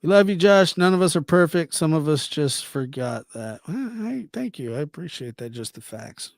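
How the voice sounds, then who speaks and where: A man's voice: fairly high pitch, expressive, normal speed, creaky, no room sound, clean studio sound. A man hosting a live talk show, chatting casually and poking fun at himself. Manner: joking, self-deprecating.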